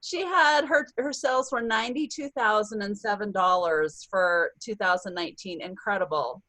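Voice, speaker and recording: A woman's voice: medium pitch, normal speed, sharp tone, no room sound, low-quality recording. A woman leading a virtual sales-team meeting over a video call, bubbly and upbeat, cheering often. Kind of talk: upbeat online meeting announcements.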